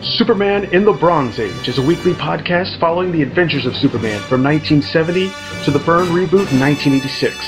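A man's voice: on the high side, lively intonation, fast talker, few pauses. A man reading a scripted podcast promo in a dramatic announcer style. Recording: promo with music behind.

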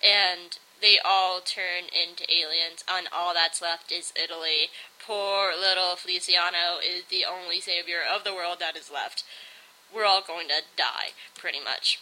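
A woman's voice: fairly low pitch, fairly even intonation, a little slow, pushed and bright, poor audio. A young woman giving a casual, bubbly review, rambling and filling her talk with "like". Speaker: video reviewer.

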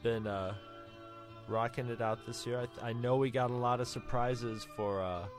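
A man's voice: medium pitch, steady tone, normal speed, over music. A man co-hosting a casual podcast, bantering with wry jokes. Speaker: podcast co-host.

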